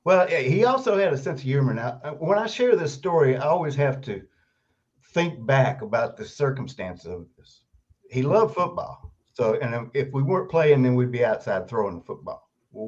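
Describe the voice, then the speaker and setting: A man's voice: medium pitch, normal speed. Older man telling stories over a dull call line. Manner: animated anecdotes, laughs often while telling. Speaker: guest author. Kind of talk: storytelling interview. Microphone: video call. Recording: dull lo-fi remote call audio.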